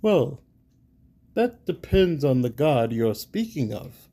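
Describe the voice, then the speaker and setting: A man's voice: mid-range voice, very animated, slow, dark tone, pitched above the performer's own voice, exaggerated voice. A man playing a proud, cautious male warrior companion who blusters and protests in a pompous way.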